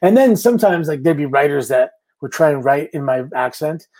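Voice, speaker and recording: Man, middle-aged, from Canada, interview guest, storyteller, fairly high pitch, warm relaxed tone. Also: a little fast. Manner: storytelling, acting out quoted lines. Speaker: guest, pro wrestler. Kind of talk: casual interview chat.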